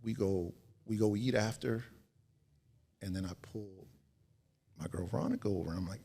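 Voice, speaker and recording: A man in his forties with a low, gravelly, husky voice tells stories on a podcast. He sounds laid-back and slangy, swears freely and keeps checking in with his listeners. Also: moderate pace, dark tone. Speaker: podcast guest. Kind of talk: casual storytelling.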